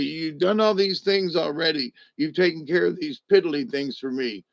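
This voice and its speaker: An older man chatting casually to his viewers, drowsy and a little medicated after a hospital stay, meandering and halting with many restarts. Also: fairly high pitch, gravelly, no room sound. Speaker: vlogger talking to live chat. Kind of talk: rambling casual chat to viewers. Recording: dry, dull lo-fi home recording.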